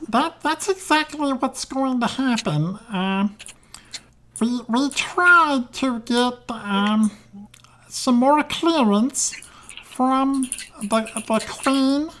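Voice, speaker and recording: A man voicing a fussy female gnome envoy who talks in halting bursts full of ums. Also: very high-pitched, a bit bright, slight background noise, voice pushed up, heavily acted.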